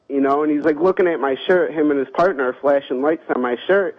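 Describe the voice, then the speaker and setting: A man's voice: on the high side, a little fast, few pauses. A young man in college calling a radio show and telling a story plainly and politely, with many fillers. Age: young adult. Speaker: caller. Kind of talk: phone-in story. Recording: dull call-in phone line.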